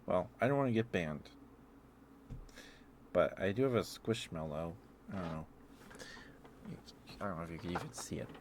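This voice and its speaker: A man streaming ASMR from home, chatting softly and giggling as he greets viewers by name, close to the mic. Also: sits low, lively intonation, normal speed, pauses often, background noise. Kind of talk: soft-spoken ASMR live stream chat.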